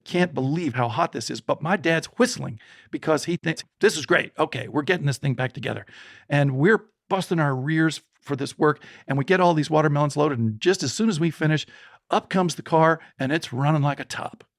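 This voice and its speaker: A man in his sixties, a podcast guest telling a story from his childhood in an animated way and voicing the people in it. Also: fairly high pitch, normal speed, no echo, clean studio sound. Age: 60s.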